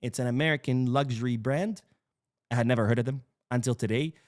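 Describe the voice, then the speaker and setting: A man's voice: mid-range voice, a little fast, darkish tone. A man hosting a casual sports podcast, chatty and opinionated, wandering off into side remarks. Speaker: podcast host.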